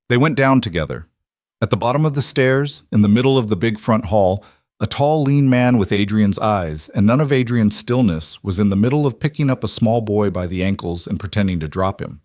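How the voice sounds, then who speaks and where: Low-voiced male audiobook narrator. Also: animated, brisk, a little mellow, dry recording, studio quality. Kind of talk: scripted romance audiobook narration.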